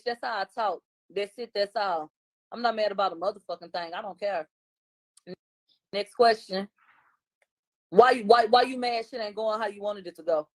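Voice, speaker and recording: A woman's voice: medium pitch, no room sound. Blunt, profane woman streamer. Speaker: livestream guest and commentator. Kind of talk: casual livestream chat.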